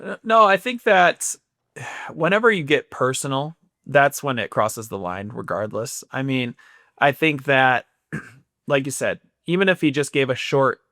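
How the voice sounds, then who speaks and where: Man, thirties, podcast co-host, agreeable, measured, bright tone, dry close sound. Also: mid-range voice, very animated, no echo. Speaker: podcast co-host, former player. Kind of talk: casual chat.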